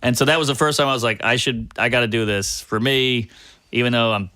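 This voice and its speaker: Bright-voiced man telling self-deprecating stories. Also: medium pitch, brisk, a little hiss or hum. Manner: self-deprecating, profane, animated storyteller. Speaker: guest comedian. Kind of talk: casual storytelling chat.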